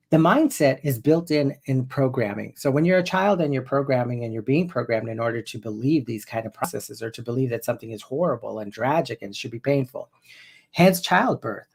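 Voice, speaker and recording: A man's voice: mid-range voice, a little fast, gravelly, breathy edge. A man in his fifties, a hypnotherapist, teaching viewers in a loose, conversational way and often restarting his sentences. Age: 50s. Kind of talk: casual spoken teaching to viewers.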